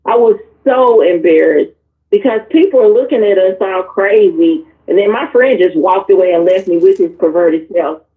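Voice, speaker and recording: A woman's voice: lowish voice, moderate pace. Candid woman telling stories over tinny audio. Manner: candid, animated storyteller. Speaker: panel guest. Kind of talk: casual storytelling chat.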